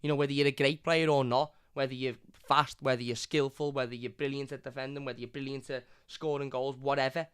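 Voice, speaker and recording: A frustrated young man hosts a live fan review of his football team and rants about their play. He repeats himself, stumbles over words and swears freely. His voice is smooth and clear, recorded close and dry with no room sound. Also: mid-range voice, flat delivery, a little fast, hardly any pauses, a bit bright, no room sound. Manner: frustrated, repetitive, swears often. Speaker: football fan channel host. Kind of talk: live match review rant.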